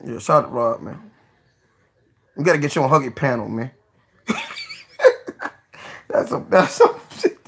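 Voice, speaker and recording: A man hosting a casual live stream, joking, cursing freely, laughing often and giving shout-outs to viewers. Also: mid-range voice, expressive, a little fast, vocal fry, pauses often, background noise.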